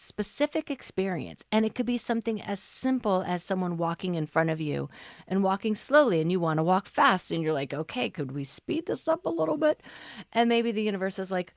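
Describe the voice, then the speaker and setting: A woman's voice: fairly low pitch, no room sound, clean studio sound. Thoughtful woman posing spiritual questions. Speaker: podcast co-host. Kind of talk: reflective spiritual talk.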